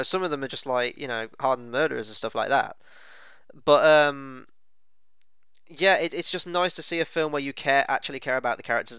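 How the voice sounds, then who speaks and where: Smooth-voiced man chatting about films. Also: mid-range voice, no room sound. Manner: relaxed, rambling with restarts. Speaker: film club co-host. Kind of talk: casual film review chat.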